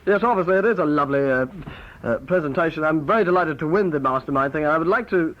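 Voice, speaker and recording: A man's voice: on the high side, lively intonation, pitched below the performer's own voice, natural voice. A man with a Northern Irish accent voicing a pompous, hesitant middle-aged politician on an old comedy tape. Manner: halting, full of hesitations. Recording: dull old cassette tape with hiss.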